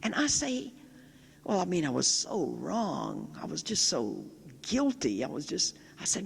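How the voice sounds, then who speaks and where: A Catholic sister giving a public talk, telling a story vividly and often quoting people directly. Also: female voice, on the low side, wildly swooping pitch, unhurried, vocal fry, breathy edge. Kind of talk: storytelling lecture. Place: large chapel. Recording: long reverb of a large chapel.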